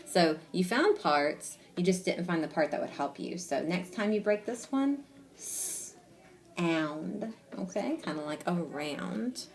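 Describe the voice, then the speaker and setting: A woman reading teacher giving a one-on-one reading lesson to a child, patient and encouraging, sounding out words slowly and asking guiding questions. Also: fairly low pitch, sing-song.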